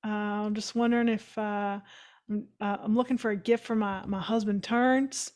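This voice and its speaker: A woman's voice: mid-range voice, fairly even intonation, normal speed, darkish tone, close to an everyday voice. A woman putting on an exaggerated American Southern drawl, voicing a brash Southern housewife making a prank call. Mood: folksy. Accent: put-on American Southern drawl.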